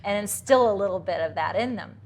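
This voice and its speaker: A woman's voice: mid-range voice, a little fast, a little mellow. Upbeat Texan woman guest. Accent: softened Texas accent. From Texas. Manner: upbeat, laughs often, fillers. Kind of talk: casual interview chat.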